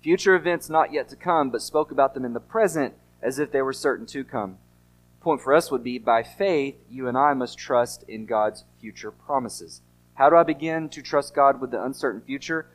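A man's voice: mid-range voice, brisk. A man preaching a sermon as pastor, earnest and emphatic, often asking rhetorical questions.

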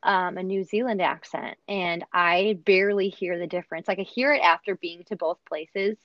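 This guest, a young American woman who used to be an au pair, speaks at a moderate pace with a fairly low voice. She tells stories in a lively, casual chat with lots of fillers. There's no room sound, and the recording is dull, dry and lo-fi.

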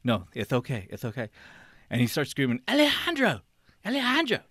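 A man on a podcast telling a long story in casual chat, rambling and animated, acting out what people said and laughing often. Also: mid-range voice, fairly quick, dry recording, studio quality. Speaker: podcast co-host.

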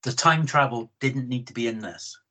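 A man's voice: medium pitch, normal speed, bright, forceful tone, low-quality recording. A British man chatting casually about a film he dislikes, opinionated and often repeating words as he gets going. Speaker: film podcast co-host. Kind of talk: casual film review chat.

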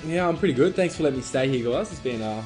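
A man's voice: mid-range voice, expressive, fast, over music. A young Australian man from Western Australia, a podcast guest chatting casually, rambling and swearing freely. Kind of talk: casual chat.

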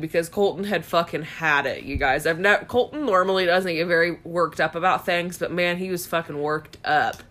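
A woman's voice: on the low side, moderate pace, hardly any pauses, fairly bright tone. A woman co-hosting a podcast, telling a long story casually with blunt, frequent swearing. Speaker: podcast co-host. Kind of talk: casual chat.

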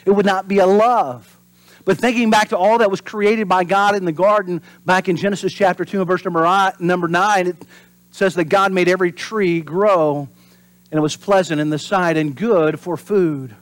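A pastor delivering a sermon in an animated preaching manner. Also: male voice, high voice, moderate pace, no room sound. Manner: animated preaching, acts out voices and drops to whispers for emphasis.

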